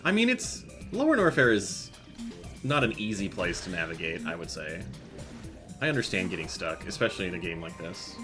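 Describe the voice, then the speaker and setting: A deep-voiced man streams a game with brisk, casual commentary, reading chat aloud and muttering to himself as his pitch swings widely. Game music plays in the background.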